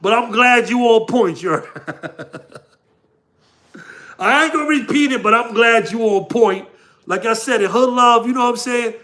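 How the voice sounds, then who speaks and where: A man's voice: extremely high pitch, normal speed, long pauses, sharp tone. A man with a New York accent hosting a casual livestream, laughing often and talking slangily to his chat. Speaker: livestream host.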